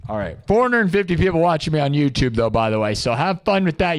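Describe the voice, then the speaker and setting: A man's voice: fairly high pitch, big pitch swings, a little fast, hardly any pauses, long reverb tail. A man hosting a live music stream, hyping up his viewers with chanted pep talk and jabs at his haters.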